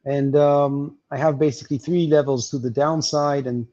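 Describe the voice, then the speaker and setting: A man walking through market levels on a livestream, explaining with many pauses and fillers. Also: fairly high pitch, steady tone, mellow, lo-fi sound. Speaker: market analyst guest.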